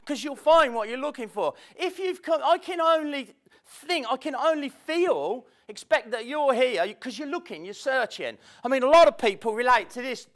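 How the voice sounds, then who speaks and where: A man speaks on stage at a seminar, his voice pitched high and swinging up and down. He tells stories to the crowd in a chatty, self-mocking way. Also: a bit bright. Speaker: motivational speaker. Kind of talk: live seminar talk to an audience. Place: seminar room with audience. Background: audience laughter.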